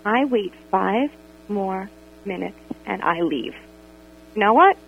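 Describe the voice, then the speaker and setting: A woman on a tinny telephone line tells her story with lively, swooping intonation. She sounds animated and exasperated, and she often slips into quoted dialogue as she goes. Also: medium pitch, takes it slowly, creaky, a little hiss or hum. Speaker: radio caller. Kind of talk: call-in storytelling about a friend. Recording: tinny phone line on radio.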